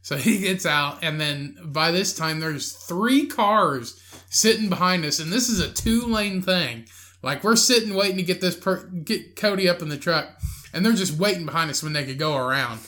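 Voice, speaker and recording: Podcast co-host, male, crude laughing storyteller with a bright, slightly high voice. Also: normal speed. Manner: crude, laughing storyteller, acts out drunk friend and angry lady. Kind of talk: casual storytelling chat.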